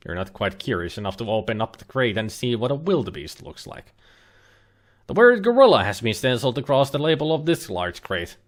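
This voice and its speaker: Man reading game text with dry jokes. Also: medium pitch. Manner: dry joking asides between read-out game lines. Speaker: let's play host.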